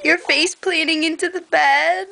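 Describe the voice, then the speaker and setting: A woman's voice: very high voice, fairly even intonation, measured pace, vocal fry, sharp tone. A mother in a home video, talking to her baby in a cooing, sing-song voice and laughing often.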